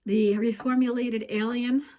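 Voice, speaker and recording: A woman's voice: a little high, little pitch movement, a little slow, warm tone. Chatty, slightly breathless woman vlogger. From United States. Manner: chatty, self-correcting, stumbles over names. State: a bit out of breath. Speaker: perfume vlogger. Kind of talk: casual vlog ranking. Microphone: handheld phone gimbal.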